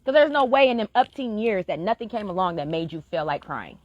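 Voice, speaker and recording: A woman speaks frankly in a candid live-stream monologue, cursing freely and pressing her point with heartfelt encouragement. Her pitch swings widely from line to line. The sound is dull and lo-fi, with a dry, close feel. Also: very animated, fairly quick, dry recording. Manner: blunt, frank, swears freely.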